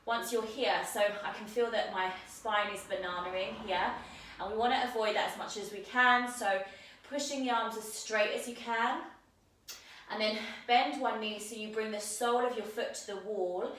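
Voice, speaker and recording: A woman teaching a yoga handstand class, giving calm step-by-step cues while she demonstrates, somewhat out of breath. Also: a little high, normal speed, a little hiss or hum. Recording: very echoey room, mic at a distance.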